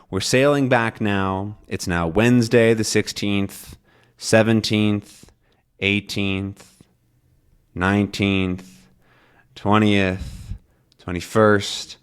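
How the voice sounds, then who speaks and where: A young man teaching English, explaining a comic slowly and clearly, rephrasing as he goes. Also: on the low side. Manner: slow, clear, repeats and rephrases.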